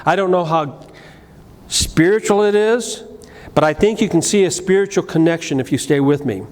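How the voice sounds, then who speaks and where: A middle-aged man preaching a sermon, telling a personal story, moving between loud emphatic lines and low quiet asides, with frequent restarts. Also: normal speed. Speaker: pastor. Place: church sanctuary. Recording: live church recording with long reverb and faint room noise.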